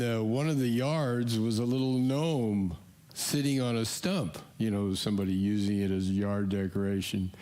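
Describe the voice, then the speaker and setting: An older man emcees an expo in a church hall and tells light jokes. He talks slowly, with fillers and restarts. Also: lowish voice, a little mellow. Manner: joking, halting with fillers and restarts. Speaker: event host with Parkinson's. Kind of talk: casual stage emcee talk.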